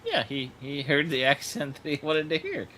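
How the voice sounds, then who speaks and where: A man's voice: fairly high pitch, wildly swooping pitch, normal speed, sharp tone, a little hiss or hum. A man co-hosting a casual podcast, often stammering at the start of his lines. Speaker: podcast co-host.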